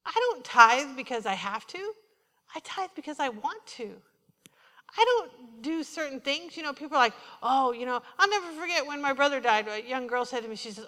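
A woman delivers a sermon with a high, bright voice, slipping into the voices of people from her stories. Her words ring out with a long church-hall reverb behind them. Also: normal speed. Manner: animated storytelling, quoting herself and others. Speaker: preacher. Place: church sanctuary.

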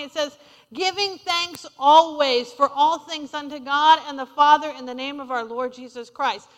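A woman's voice: sits high, pushed and bright. A woman preaching a sermon in a conversational, humorous way, calling out to the congregation for responses. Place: church sanctuary. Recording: reverberant hall.

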